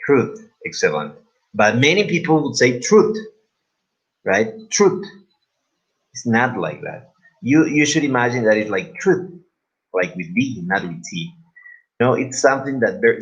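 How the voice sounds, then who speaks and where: A man with a Spanish accent, a native Spanish speaker, teaching English pronunciation to a class in a halting way, with many fillers and repeated words. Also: medium pitch, a bit bright. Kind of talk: live class instruction. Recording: dull lo-fi recording.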